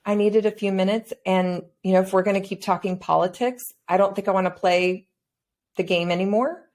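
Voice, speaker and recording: A woman's voice: medium pitch, steady tone, brisk, a little mellow, a little hiss or hum. A woman hosting a podcast, reflectively retelling her own past thoughts in casual conversation. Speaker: podcast host.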